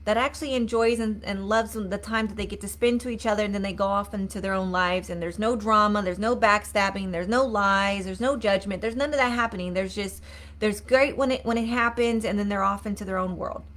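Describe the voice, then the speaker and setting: A woman's voice: mid-range voice, steady tone, a little fast, fairly bright tone. A woman coach giving an earnest live-streamed motivational talk, repeating herself and asking viewers to comment. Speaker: mindset coach.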